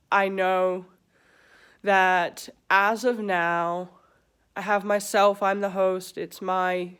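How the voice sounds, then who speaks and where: A young woman with a British accent talking frankly in a personal vlog, pausing often and searching for words. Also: mid-range voice, clear, resonant tone. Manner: frank, halting, with pauses and fillers. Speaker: vlogger. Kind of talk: candid personal vlog talk.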